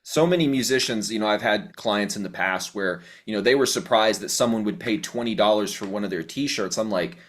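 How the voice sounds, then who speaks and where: A man's voice: on the low side, a little fast, hardly any pauses. A man hosting a music business interview, talking in a casual, agreeable way. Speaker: podcast host.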